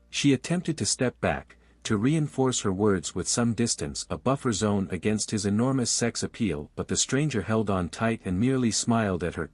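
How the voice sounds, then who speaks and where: A man narrating a romance audiobook with smooth, even storytelling. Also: fairly low pitch, moderate pace, few pauses, no room sound, faint music behind.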